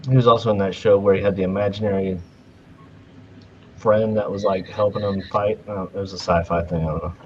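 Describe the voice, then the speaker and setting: Opinionated guy, somewhat low voice, muffled sound with faint noise. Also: steady tone, a little fast. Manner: blunt, opinionated. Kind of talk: casual group chat.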